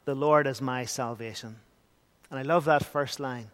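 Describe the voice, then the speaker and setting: A man's voice: medium pitch, steady tone, moderate pace, smooth. A man preaching a sermon in a church, earnest, with emphatic swells. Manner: earnest, rising to emphatic bursts. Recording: long church hall reverb.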